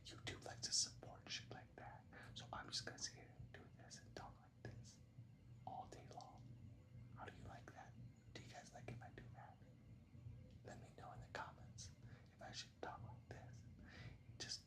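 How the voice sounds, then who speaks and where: A man's voice: moderate pace, pauses often, lightly acted. A man doing a mocking whispered role-play. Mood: teasing. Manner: breathy hushed whisper, mocking. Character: mock ASMR whisperer, male adult, teasingly soft.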